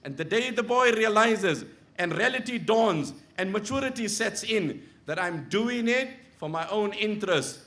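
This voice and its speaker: A man preaching a sermon, moving from hushed storytelling to loud, impassioned pleading. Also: high voice. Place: Islamic center.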